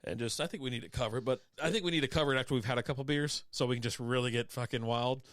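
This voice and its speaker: A man's voice: mid-range voice, very fast, fairly bright tone, dry recording, clean studio sound. A man co-hosting a casual beer podcast, blunt and teasing, swearing freely as he ribs his friend. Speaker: podcast co-host.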